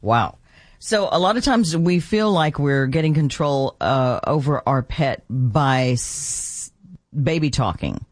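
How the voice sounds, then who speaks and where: A man's voice: mid-range voice, expressive, dry recording. Chatty male host, dry studio sound. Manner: chatty, quick to laugh. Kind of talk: casual interview.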